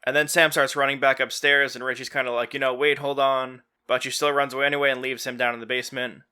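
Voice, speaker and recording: A man talks through a movie plot in a loose, chatty way as a podcast host, filling his sentences with "you know" and "like". His voice is bright and forward. It is smooth and clear, and he acts out characters' lines without changing voice. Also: mid-range voice, level tone, fast. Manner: retells scenes quoting characters in a loose, offhand voice; heavy use of fillers like "you know" and "like". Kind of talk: casual movie recap.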